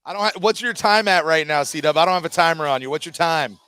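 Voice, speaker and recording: A man's voice: a little high, quick pace, sharp tone, clear, resonant tone, no room sound. A man hosting a live call-in sports chat, upbeat and teasing his caller with frequent laughs. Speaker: host.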